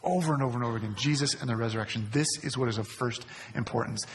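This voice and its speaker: A man's voice: medium pitch, rapid-fire, slight background noise. A male pastor preaching a sermon, repeating key phrases for emphasis. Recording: long hall reverb.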